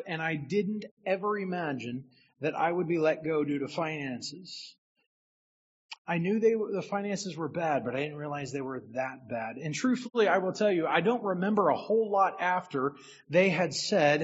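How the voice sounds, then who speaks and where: A man's voice: on the high side, husky, highs cut off. A man who is a minister, giving a sermon as a personal story and speaking directly to the people in the room.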